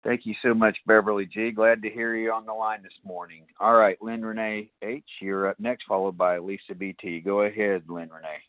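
A man chairing a meeting, calling on speakers in a brisk, welcoming way. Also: fairly low pitch, flat delivery, dry recording. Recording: tinny phone line.

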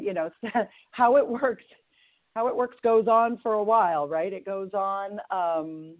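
At a recovery meeting heard through a tinny, narrow phone line, a middle-aged speaker with a mid-height pitch talks in an earnest, measured way. They read passages from a book aloud, interspersed with thoughtful personal reflections.

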